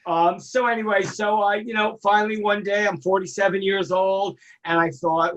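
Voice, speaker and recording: A man, telling wild stories in a casual interview, animated and swearing freely. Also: high-pitched, moderate pace, few pauses, muffled recording. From Brooklyn, New York. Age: 60s. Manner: animated, acts out quoted voices, swears freely. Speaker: guest, music industry veteran.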